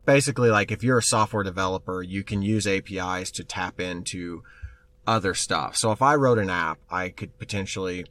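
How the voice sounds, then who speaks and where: Low-voiced man telling stories animatedly. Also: a little fast. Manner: animated storyteller, acts out quoted voices. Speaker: podcast co-host. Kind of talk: casual tech chat.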